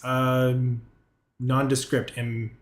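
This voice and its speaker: A man serves as game master, narrating the scene in an unhurried, halting way with frequent ums. His voice sits at a middle pitch. The room has a noticeable echo. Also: level tone. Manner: hesitant, lots of ums and restarts while describing scenes. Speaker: dungeon master.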